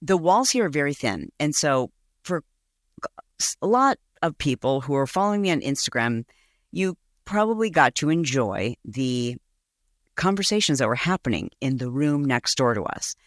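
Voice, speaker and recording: Chatty woman podcaster, lively up-and-down voice, dry close mic, dishing gossip. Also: deep voice, normal speed, no room sound. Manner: animated, gossipy, acts out voices in quotes. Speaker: podcast host. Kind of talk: casual storytelling chat.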